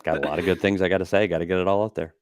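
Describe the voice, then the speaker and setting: A man giving casual hockey analysis on a podcast, talking rapidly with stumbling restarts. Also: low voice, steady tone, smooth. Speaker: podcast panelist.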